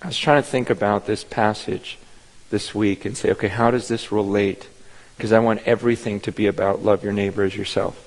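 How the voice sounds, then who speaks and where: A man's voice: lowish voice, steady tone, brisk. A man preaching a sermon with passion, often stammering and repeating words and acting out the voices he quotes. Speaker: pastor. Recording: long hall reverb.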